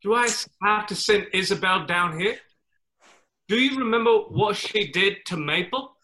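A man's voice: high-pitched, lively intonation. A man voicing a menacing male raccoon loan shark with a Cockney accent in a comedy sketch read over a video call, talking in clipped broken grammar. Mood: threatening. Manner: slow, quietly threatening, clipped broken grammar.

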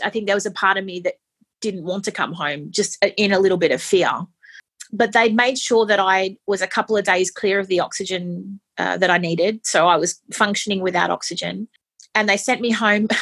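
A woman telling a personal story in conversation, animated and laughing as she quotes others. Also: mid-range voice, breathy edge. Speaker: interviewee.

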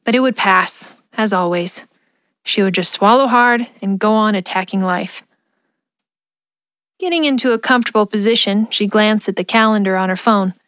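A woman narrating an audio drama in a measured, expressive reading. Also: medium pitch, dry recording, clean studio sound. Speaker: narrator and ad host.

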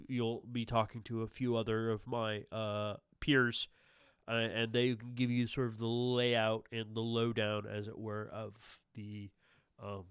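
A man runs a tabletop role-playing session as game master, wandering through his narration with plenty of fillers and restarts. His voice is bright and clear, recorded dry and close. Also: lowish voice, dry recording. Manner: rambling, many fillers and restarts.

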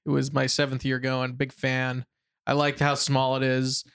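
A young man, chatting casually on a show and telling animated stories about his weekend, acting out his friends' voices. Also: mid-range voice, moderate pace, vocal fry, smooth. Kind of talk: casual chat.

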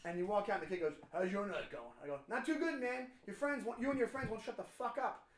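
Fast, high-voiced man telling a story. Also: echoey room. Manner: animated, swearing, acts out quoted voices. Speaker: podcast co-host, comedian. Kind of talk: casual chat, storytelling.

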